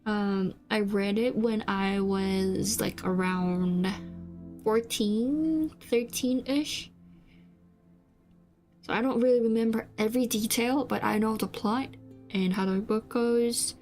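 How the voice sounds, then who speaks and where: A young Korean woman, a VTuber streamer whose first language is Korean, chats casually on stream, rambling and hesitant with lots of fillers and restarts. Her medium-pitched voice has a darkish tone, and she takes it slowly. Faint background music plays.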